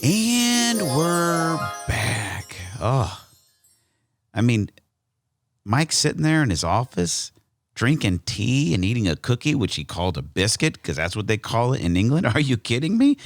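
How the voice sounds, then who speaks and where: An American man hosting a podcast, talking in a joking, animated way with frequent restarts. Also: mid-range voice, moderate pace, faint music behind. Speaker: podcast host. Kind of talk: casual podcast chat and monologue.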